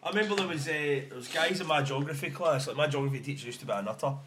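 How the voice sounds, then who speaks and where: A young man telling a school story on a podcast, animated and laughing a lot. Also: fairly high pitch, very fast. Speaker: podcast co-host. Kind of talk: casual chat. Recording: echoey room with noise.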